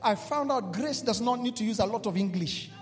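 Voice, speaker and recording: A man preaching a sermon, shifting from quiet storytelling to shouted, repeated declarations with call-and-response. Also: high-pitched, brisk. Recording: reverberant hall with music behind.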